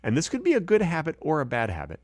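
A man co-hosting a podcast in casual chat, teasing and joking with quick playful asides. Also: on the high side, huge pitch swings, a little mellow, no echo, studio quality. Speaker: podcast co-host.

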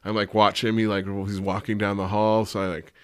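A low-voiced man chatting on a casual podcast, telling his stories with lively swings in energy and acting out what people said. The sound is dry and close, with no room echo. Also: brisk, smooth. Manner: animated storytelling, acts out quoted dialogue. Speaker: podcast co-host. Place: Reno.

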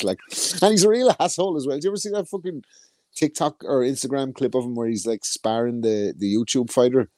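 A man on a podcast, telling boxing stories in an animated, sweary way. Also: medium pitch, slight background noise. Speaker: podcast co-host. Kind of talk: casual boxing chat.

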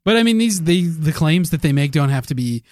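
A man's voice: on the high side, animated, a little fast, darkish tone, no echo, studio quality. A man co-hosting a podcast in casual chat, easygoing and agreeable, hedging his points as he talks them through. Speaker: podcast co-host.

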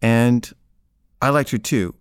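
A man's voice: medium pitch, slow pace, clean tone, no echo, studio quality. A man casually telling a personal story in the first person, rambling and conversational, with frequent filler words.

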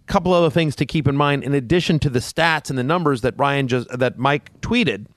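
A man's voice: medium pitch, fairly quick, a bit bright, no room sound, studio quality. A man co-hosting a fantasy football podcast, talking casually with frequent fillers and restarts. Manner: conversational, hedging with fillers. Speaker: podcast co-host.

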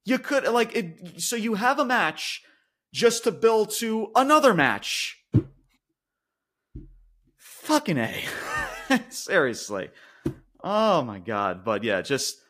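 A man co-hosting a wrestling podcast, ranting and swearing in casual chat, going from loud outbursts to quiet mutters. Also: sits high, sing-song, slow, pauses often. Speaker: podcast co-host.

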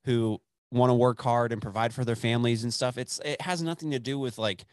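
A man's voice: mid-range voice, fairly even intonation, brisk, no room sound, clean studio sound. A man in his twenties from West Texas, rambling and swearing freely in casual chat, laughing often. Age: 20s.

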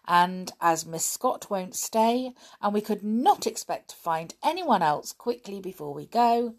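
A woman voicing a loving but stern mother, speaking firmly and in a measured way for a storybook reading. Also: medium pitch. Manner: firm and measured. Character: stern loving mother scolding her daughter.

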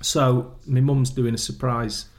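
Male guest, storyteller, acts out quotes, mid pitch. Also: a little slow. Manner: animated, acts out quotes, laughs often. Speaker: guest, former footballer. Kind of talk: anecdotal storytelling.

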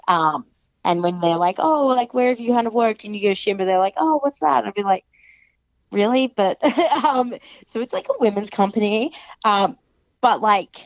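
A woman's voice: medium pitch, no echo, lo-fi sound. A woman, a professional wrestler, chatting in an interview, laughing often and acting out what others say. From Australia. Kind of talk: casual interview chat.

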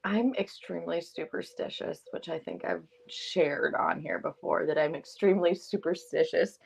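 Woman on a podcast telling a story, bit low voiced, laughs and swears, does the voices. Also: normal speed, gravelly, slightly rough. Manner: animated storyteller, acts out quotes, laughs and swears. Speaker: podcast co-host. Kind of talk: casual storytelling chat.

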